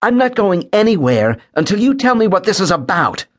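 A man voicing a sharp-tongued, defiant woman client in an audiobook, speaking snappishly and indignantly. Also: mid-range voice, huge pitch swings, moderate pace, pitched above the performer's own voice.

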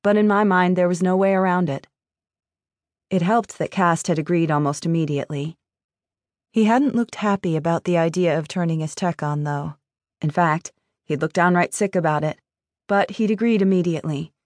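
A woman giving steady first-person narration of a novel, recorded close. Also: lowish voice, moderate pace, no room sound. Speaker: audiobook narrator.

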